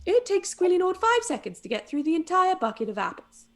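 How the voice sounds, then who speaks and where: A woman's voice: extremely high pitch, sing-song, fairly quick. A woman narrating as game master of a tabletop game, playful and giggly.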